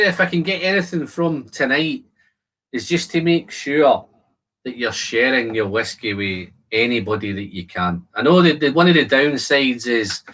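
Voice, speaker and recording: This man's voice is medium-pitched and a bit bright. Hosting a relaxed whisky live stream, he talks with viewers, replies to comments, and describes the aromas as he tastes.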